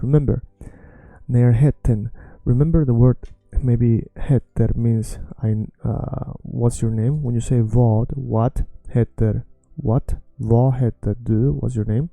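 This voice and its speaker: A man with a Swedish accent, a native Swedish speaker, giving a language lesson and patiently repeating words slowly to drill pronunciation. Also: mid-range voice, fairly even intonation, gravelly, warm tone, dry recording.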